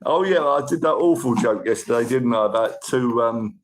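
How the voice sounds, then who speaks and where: A man from the UK with a British accent, hosting a livestream and chatting casually through viewer comments, upbeat and a bit overexcited, his voice croaky. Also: mid-range voice, expressive, normal speed. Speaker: livestream host.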